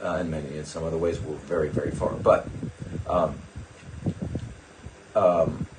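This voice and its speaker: A man's voice: extremely low pitch, steady tone, unhurried. Rambling sarcastic older man, noisy stream. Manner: digressive and sarcastic, mocking asides to viewers. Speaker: doctor hosting a live stream. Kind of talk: rambling live-stream talk.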